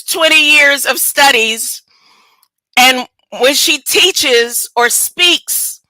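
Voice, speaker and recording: Reading a text aloud in a relaxed Bible study, a woman keeps breaking off into chatty tangents and rhetorical questions. She speaks in a fairly high, pushed, bright voice with a drawn-out, halting rhythm, recorded without room sound.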